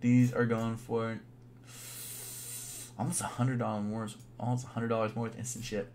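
A young man chatting casually on a live stream, thinking out loud in a laid-back way with plenty of fillers. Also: mid-range voice, flat delivery, normal speed, slight background noise. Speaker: sneaker YouTuber live streaming.

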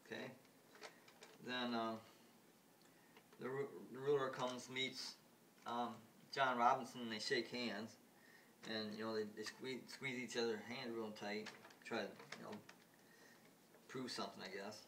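A man recounts a TV episode in a rambling, halting way, full of fillers and restarts. He sounds a touch distant from his phone mic, with faint ambience around him. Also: mid-range voice, little pitch movement, fairly bright tone, slight background noise. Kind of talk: casual retelling of a TV episode.

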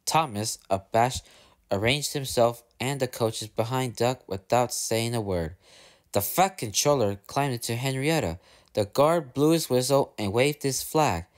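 A man's voice: mid-range voice, a little slow. A man reading a railway storybook aloud, doing voices for the characters. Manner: lively, puts on voices for characters. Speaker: narrator.

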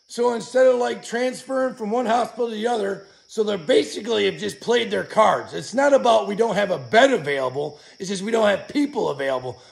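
A man rants bitterly outdoors in a profane, shouting monologue, his voice hoarse from yelling. His voice sits high for a man and is deeply gravelly. His frustration drives every line. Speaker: channel host. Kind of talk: angry venting monologue.

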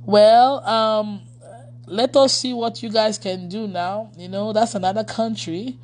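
A woman's voice: mid-range voice, steady tone, measured pace, a little mellow. A woman pastor in casual livestream chat with her followers. She laughs often and reads their comments aloud.

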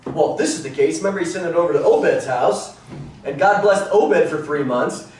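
A middle-aged man teaching a Bible class in a church, animated, acting out quotes in lively voices. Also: a little high, a little fast. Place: church room. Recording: roomy echo, mic at a distance, faint noise.

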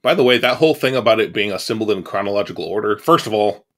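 A man's voice: lowish voice, lively intonation, fast talker, fairly bright tone. A man co-hosting a horror film podcast, chiming in with short agreements and side comments in casual chat. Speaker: podcast co-host.

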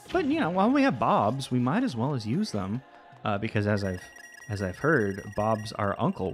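Low-voiced male let's-player, loose rambling chat with self-deprecating jokes, soft game music underneath. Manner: rambling, self-mocking, talks to game creatures. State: voice getting worn. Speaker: let's play host. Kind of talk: casual gameplay commentary.

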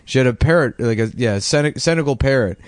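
A man's voice: mid-range voice, animated, fairly quick, no room sound. A man co-hosting a comedy podcast, telling crude rambling anecdotes in casual banter. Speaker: podcast co-host.

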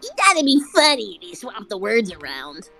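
A woman's voice: medium pitch, wildly swooping pitch, brisk, vocal fry, pushed and bright, soft background music. A woman chatting casually in a group voice call on a stream, teasing and laughing a lot. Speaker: stream guest in voice chat. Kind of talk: casual chat.

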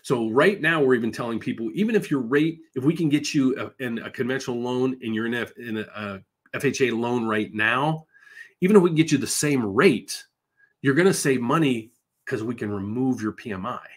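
A man's voice: mid-range voice, brisk, breathy edge. A middle-aged man hosting a mortgage show, answering viewer questions in a chatty, reassuring way and explaining things step by step. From United States.

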